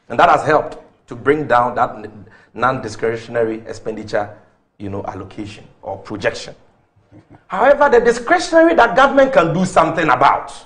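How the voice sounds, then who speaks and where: Man, Ghanaian English accent, political commentator, rhetorical, lively pitch. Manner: forceful, rhetorical, fires off questions and figures. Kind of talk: heated political argument on a talk show.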